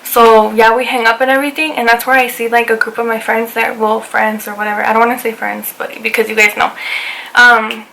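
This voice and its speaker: A woman's voice: a little high, fairly quick, vocal fry, a little hiss or hum, poor audio. Chatty young woman telling a storytime. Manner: animated retelling, swearing, lots of "I was like". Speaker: vlogger. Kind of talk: casual storytime vlog.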